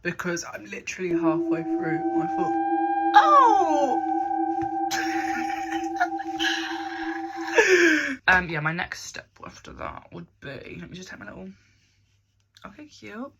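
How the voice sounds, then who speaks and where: A woman's voice: on the low side, moderate pace, vocal fry, heavy background noise. A young woman, chatting casually through a makeup tutorial in her bedroom, rambling and poking fun at herself. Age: young adult. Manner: rambling, chatty, self-mocking. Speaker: makeup vlogger.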